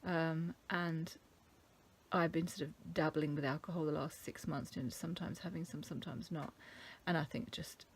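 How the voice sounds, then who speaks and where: A middle-aged woman from England talking casually to camera, thoughtful and halting, with many ums. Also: low voice, fairly even intonation, slight background noise. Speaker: vlogger. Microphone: camera mic.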